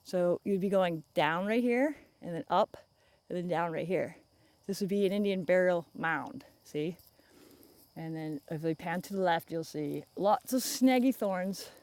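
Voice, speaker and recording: A woman's voice: on the low side, measured pace, darkish tone, no echo. A woman chatting casually to her viewers on a phone livestream while walking through the woods, rambling and laughing often. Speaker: vlogger. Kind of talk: casual livestream walk-and-talk. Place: woods outdoors. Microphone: phone camera held out in front.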